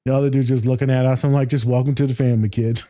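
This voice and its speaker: A man's voice: medium pitch, flat delivery, quick pace, mellow, no room sound, studio quality. A man co-hosting a podcast, telling a story in casual chat, laughing often and swearing freely. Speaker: podcast co-host.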